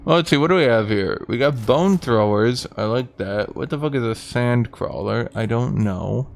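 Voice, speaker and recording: A man's voice: medium pitch, moderate pace, vocal fry, slight background noise. A young man streaming a strategy game, talking offhand and sardonic, swearing casually as he comments.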